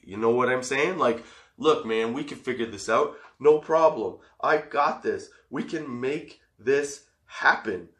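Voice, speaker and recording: A man's voice: mid-range voice, fairly bright tone. A man hosting a podcast, telling stories in a casual, profane way and laughing often. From Canada. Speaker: podcast host. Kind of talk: casual storytelling. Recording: roomy echo.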